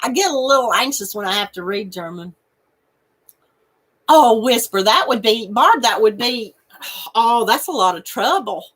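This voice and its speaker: A woman's voice: fairly high pitch, lively intonation, moderate pace, pauses often, a bit bright, breathy edge. A woman hosting a crochet channel, chatting casually with viewers and laughing and snorting often. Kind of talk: casual live chat reading viewer comments.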